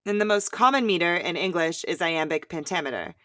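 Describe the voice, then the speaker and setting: A woman hosting a poetry lesson, explaining clearly and chanting the rhythm of verse in an upbeat way. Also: on the low side, animated, a little fast, pushed and bright, no room sound, studio quality. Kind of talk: scripted educational explanation.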